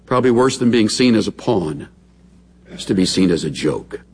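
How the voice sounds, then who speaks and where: A man's voice: on the low side, animated, normal speed, a little mellow, long reverb tail, a little hiss or hum. A middle-aged male pastor preaching a sermon, telling stories in a playful, chuckling way. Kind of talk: sermon with humorous storytelling.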